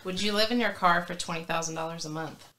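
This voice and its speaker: Low-voiced woman reading questions. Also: fast, pushed and bright. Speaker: guest question-asker. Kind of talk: casual chat.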